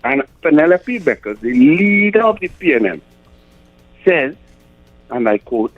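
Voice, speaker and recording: Middle-aged trini guy ranting on talk radio, high voice, sounds like a phone line. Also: sing-song, normal speed, long pauses, faint music behind. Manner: emphatic, repetitive, stumbles on numbers. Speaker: radio talk show host. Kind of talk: political commentary on talk radio.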